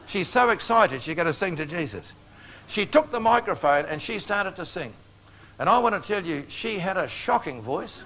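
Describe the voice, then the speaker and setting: An older male evangelist preaches to a big meeting, moving fast from story to appeal. His voice sits a little high for a man, with a faint hiss of noise under it. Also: expressive. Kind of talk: sermon. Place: large meeting hall.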